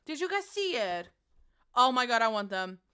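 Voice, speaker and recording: A bright-voiced young woman chats playfully with her stream chat, swearing casually as she talks. Her voice sits high and sounds smooth and clean. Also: sing-song, moderate pace.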